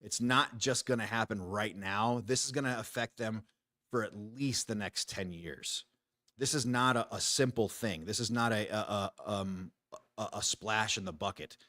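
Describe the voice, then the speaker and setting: A man's voice: on the low side, moderate pace, bright, forceful tone, no room sound, clean studio sound. A retired Army veteran man in his forties hosting a casual talk show, blunt and profane, often restarting his sentences. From United States. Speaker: podcast host. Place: small home studio.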